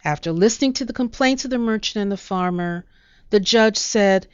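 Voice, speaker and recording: A woman narrating a storybook in a measured, expressive reading. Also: medium pitch, clear, resonant tone, dry recording, dull audio.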